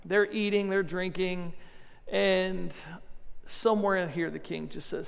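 A male pastor preaching a sermon, retelling a story in a lively way and acting out the characters. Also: high-pitched, normal speed, gravelly. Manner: lively storytelling with acted voices. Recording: long hall reverb.

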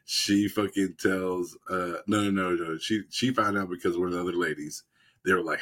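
A husky, lower-voiced man tells a show's plot in loose, rambling bursts. He swears freely and keeps breaking into laughter as he goes. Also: steady tone, brisk, a bit bright. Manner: rambling, profane, laughing retelling. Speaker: podcast co-host. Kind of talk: casual chat, retelling a TV show.

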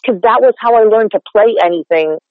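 A woman's voice: medium pitch, a little fast, no room sound. Chatty dialect coach woman, lo-fi. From North Texas. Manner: chatty, lots of "like" fillers. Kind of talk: casual podcast interview. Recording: dull lo-fi sound, dry.

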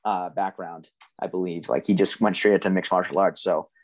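A man with a fairly low voice talks through fight predictions on a casual podcast. He sounds measured and analytical, pausing on frequent ums as he weighs each side. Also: fairly even intonation, darkish tone. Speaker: podcast co-host.

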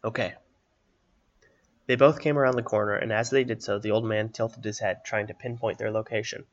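A man reading a fantasy story aloud in a steady, even narration. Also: lowish voice, fast, lo-fi sound.

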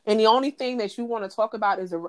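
A young woman co-hosting a podcast, ranting in a heated, profane and animated way in casual chat. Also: on the high side, very fast. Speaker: podcast co-host.

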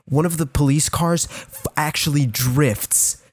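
A man's voice: fairly high pitch, steady tone, unhurried, no echo. A young man from Canada, co-hosting a podcast, rambling through a story with lots of fillers, restarts and swearing. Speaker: podcast co-host. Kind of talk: casual storytelling chat.

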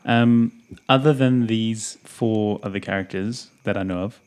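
A man with a low voice plays a tabletop game. He asks the game master one question after another, hesitating with ums and uhs as he works out his moves. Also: a little slow, a little mellow, smooth. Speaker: player. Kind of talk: casual tabletop play.

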